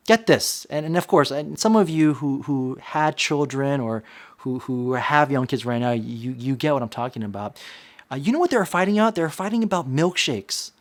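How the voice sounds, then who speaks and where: Earnest pastor sharing a confession. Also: male voice, mid-range voice. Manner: earnest, halting, repeats words. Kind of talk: personal confession to camera.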